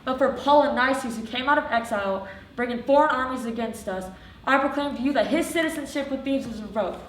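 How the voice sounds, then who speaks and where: Girl acting as a commanding male king, imperious, proclaiming, high voice, echoey hall, distant from the mic. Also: brisk, lightly acted. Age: teens. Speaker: student actor. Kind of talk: live high school stage play. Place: school theatre stage.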